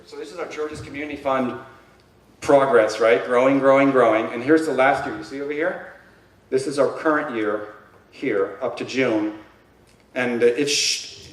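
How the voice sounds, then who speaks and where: A man gives an impassioned conference presentation, pressing his points hard and wandering between thoughts. His voice sits at a middling pitch. He is heard from a distance in a roomy, echoing space. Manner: impassioned, emphatic, rambling. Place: conference room. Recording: roomy echo, distant mic.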